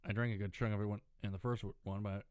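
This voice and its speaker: A man rambling through casual gameplay commentary, clearing his throat often, his dry throat pulling his voice lower than usual. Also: level tone, quick pace, darkish tone, dry recording. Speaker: gaming channel host.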